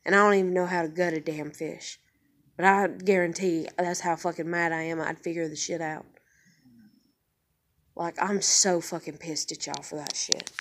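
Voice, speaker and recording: A woman's voice: fairly low pitch, fairly even intonation, moderate pace, a little hiss or hum. A woman with a daughter giving a blunt, heated personal rant to camera, swearing nearly every sentence and using y'all and fixing to. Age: adult with a daughter. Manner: profane, heated, swearing constantly; Southern-style speech with y'all and fixing to. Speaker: vlogger.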